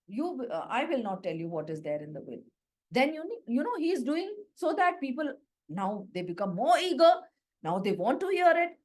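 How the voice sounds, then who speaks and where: A woman teacher with an Indian English accent and a somewhat high voice, working through a play line by line. She reads a passage aloud, then restates it in plain words for her students, dropping in "you know" as she explains. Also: a bit bright. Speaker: literature teacher.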